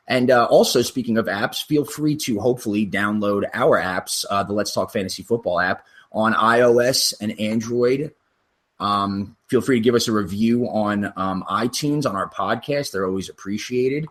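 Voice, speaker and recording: A man's voice: lowish voice, normal speed, fairly bright tone. Casual joking male podcast host. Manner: loose, joking, swears casually.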